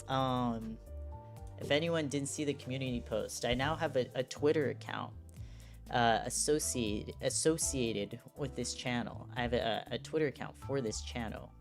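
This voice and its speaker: A chatty game streamer talks loosely with viewers, trailing off and restarting thoughts. The voice sits at a middling pitch with faint music playing quietly underneath. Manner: rambling, self-interrupting, laughs often. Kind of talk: casual live-stream chat while playing.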